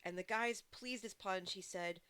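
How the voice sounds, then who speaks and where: A woman with a smooth, fairly bright, medium-pitched voice live-streams a game at a normal pace. She chats casually with her viewers, rambling with lots of fillers and restarts.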